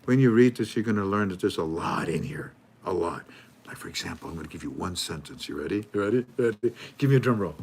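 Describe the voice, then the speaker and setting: Joking man reading news aloud. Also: slight background noise. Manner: joking, mocking, laughs often, acts out officials in a high voice. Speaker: host. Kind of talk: casual commentary reading news articles.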